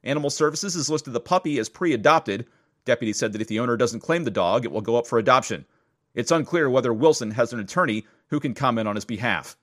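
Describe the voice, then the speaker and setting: A man's voice: mid-range voice, animated, fast, fairly bright tone. A man hosting a podcast, reading odd news stories with wry, sarcastic asides. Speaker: podcast host. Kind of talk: casual news roundup podcast.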